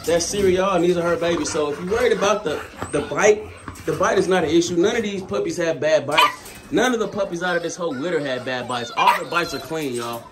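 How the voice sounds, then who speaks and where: A man vlogs casually about breeding dogs, talking a little fast in a higher-pitched voice with some background noise. He addresses viewers as y'all and, in his laid-back way, stops mid-sentence to scold his dogs.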